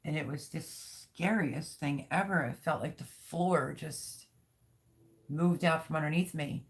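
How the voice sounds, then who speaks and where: A woman with a low-pitched voice speaks in an unhurried way. She is hosting a casual livestream from home, rambling candidly and reading viewer comments aloud.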